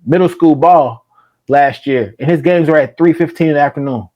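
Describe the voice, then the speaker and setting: A middle-aged man hosting a casual interview, telling stories in a lively, slangy way and laughing often. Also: fairly high pitch, moderate pace, lo-fi sound. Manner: animated storyteller, slangy and laughing. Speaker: podcast host.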